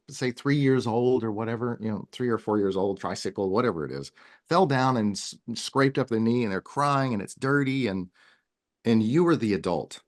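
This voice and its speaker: A man speaking as a guest in a casual podcast interview, earnest and rambling, with frequent restarts. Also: medium pitch. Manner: earnest, talks in long runs with many restarts. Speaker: wellness guest.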